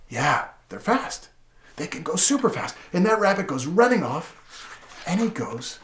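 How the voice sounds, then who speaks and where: A man demonstrating how to read a picture book aloud to a child, playful and animated, asking many questions and gasping and laughing in surprise. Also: sits high, normal speed. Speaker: literacy educator. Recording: roomy echo.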